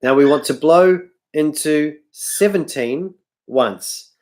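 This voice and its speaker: Slow and a little mellow, this man's voice sits on the high side as he runs a livestream harmonica tutorial. Fatigued and losing his voice, he rambles, often corrects himself, and apologizes, with harmonica playing in the background.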